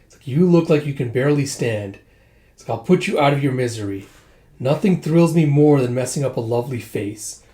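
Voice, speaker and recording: A man's voice: medium pitch, lively intonation, fairly quick, warm tone, close to an everyday voice. Man reading as a cocky flamboyant fighter from a manga, taunting, defiant.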